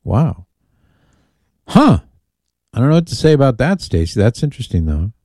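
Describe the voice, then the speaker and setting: Male call-in radio host: low, warm, dry studio sound, easygoing and amused. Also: very animated, normal speed, no echo. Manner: chatty, amused, reads listener emails aloud.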